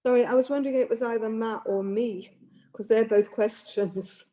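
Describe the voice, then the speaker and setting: A woman's voice: on the high side, fairly even intonation, moderate pace, mellow. A woman student asking short, hesitant questions during an online class over a video call.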